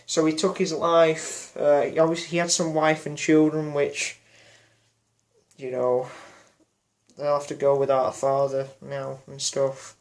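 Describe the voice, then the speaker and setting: A man's voice: a little high, monotone, a little slow. A man giving an unscripted personal reflection for his vlog, rambling and hesitant with many fillers and restarts. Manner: apologetic about memory slips. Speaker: music vlogger.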